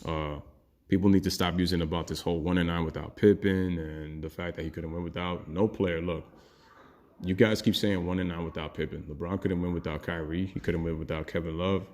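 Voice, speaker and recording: A man's voice: low-pitched, fairly even intonation, brisk, a little mellow. A man giving a heated, opinionated sports rant as a commentary YouTuber, blunt and swearing freely.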